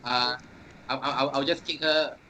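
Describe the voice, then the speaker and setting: A man's voice: medium pitch, fairly even intonation, measured pace, sharp tone, a little hiss or hum. A man playing in a tabletop wrestling game, hesitant and stammering as he describes his moves. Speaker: player. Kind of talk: tabletop role-play chat.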